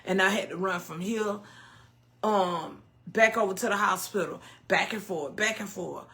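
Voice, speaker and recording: A woman's voice: medium pitch, unhurried, bright, forceful tone. A woman in her early fifties chatting candidly with her viewers, telling a personal story in loose, emotional vernacular. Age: 50s. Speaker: cooking vlogger. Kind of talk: casual chat to viewers.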